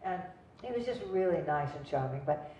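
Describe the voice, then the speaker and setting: A woman's voice: on the low side, animated, fairly quick, warm tone, a little hiss or hum. An older actress telling chatty, digressive stories at a cinema event, laughing at her own jokes. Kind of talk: rambling anecdotal storytelling. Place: cinema venue before an audience. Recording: distant roomy lo-fi venue recording.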